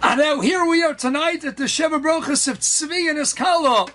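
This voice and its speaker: A rabbi tells a story in a lively sermon style, acting out the children's voices and sprinkling in Hebrew and Yiddish words. His voice is extremely high-pitched, and he keeps a moderate pace.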